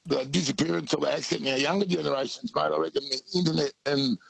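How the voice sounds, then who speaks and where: An Australian man on a call-in line, his voice deeply gravelly and pitched a little high. He talks in a folksy, halting way, full of fillers and pauses as he gathers his thoughts. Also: fairly even intonation, crowd noise, low-quality recording. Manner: hesitant, folksy, many fillers. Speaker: caller. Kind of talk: radio call-in chat.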